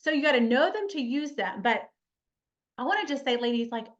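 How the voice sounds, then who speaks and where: A woman's voice: sits high, expressive, a little fast. A woman giving an earnest, chatty motivational webinar talk as a life coach, repeating key lines for emphasis. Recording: slightly muffled webinar audio.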